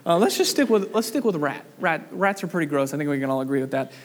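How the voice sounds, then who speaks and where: Animated male pastor preaching a sermon. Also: a little high, fast talker. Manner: animated, asks the congregation questions.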